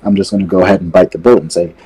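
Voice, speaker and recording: A man co-hosting a podcast, giving his opinions in relaxed casual chat while sitting away from his mic. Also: sits low, very fast, slightly rough, rough recording. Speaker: podcast co-host.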